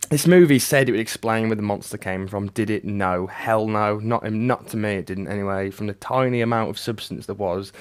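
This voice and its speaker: A man's voice: fairly low pitch, clean tone. Guy ranting about a movie he hates, sweary and fed up, mutters then blows up. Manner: exasperated, sweary, sardonic ranting; swings between mutters and loud outbursts. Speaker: movie reviewer. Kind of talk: ranting film review.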